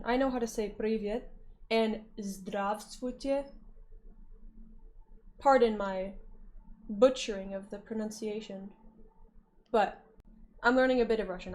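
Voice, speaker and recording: A woman's voice: fairly high pitch, a little mellow. A young woman streamer reading chat aloud and answering it in a playful, teasing way, laughing often and humming or singing in little snatches. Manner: reads chat messages aloud and answers them. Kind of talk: casual livestream chat.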